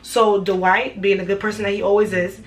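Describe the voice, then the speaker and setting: A young woman, casually retelling a personal story for her vlog, animated and repetitive. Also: medium pitch, normal speed, rough recording. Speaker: vlogger.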